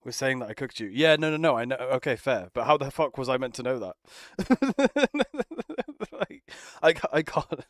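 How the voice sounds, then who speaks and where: A man's voice: medium pitch, lively intonation, normal speed, no echo, clean studio sound. Laughing, swearing young man. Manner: swears often, teasing, laughs a lot. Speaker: streamer. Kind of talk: casual banter with friends.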